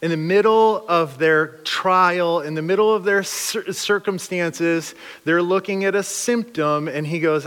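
Male preacher, lively joking storyteller, fairly high voice, long hall reverb. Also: measured pace, hardly any pauses, clear, resonant tone. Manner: animated, joking, acts out quotes. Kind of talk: storytelling sermon.

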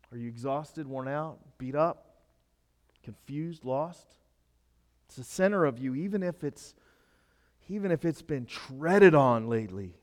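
A man preaching a sermon as pastor, emphatic and swinging from loud to hushed. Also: fairly high pitch, big-room sound.

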